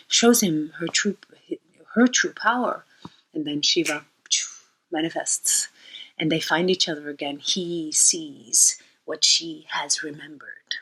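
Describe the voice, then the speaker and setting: A woman astrologer tells a myth and muses on its meaning, rambling and reflective, with occasional breathy near-whispers. Her voice is husky and sits on the low side for a woman. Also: slow, pushed and bright, rough recording. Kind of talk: storytelling talk on myth and astrology.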